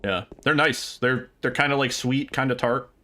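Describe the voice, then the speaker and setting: A man's voice: mid-range voice, moderate pace, bright, forceful tone. A young man livestreaming, chatting casually with viewers, rambling with fillers, laughing often and swearing freely.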